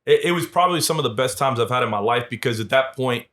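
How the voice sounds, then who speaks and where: A man in his thirties, a podcast guest, telling a lively story and acting out the voices of the people in it. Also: medium pitch, fast. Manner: animated storyteller, acts out dialogue with swearing and laughs. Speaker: podcast guest, Marine veteran and police officer. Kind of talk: casual storytelling.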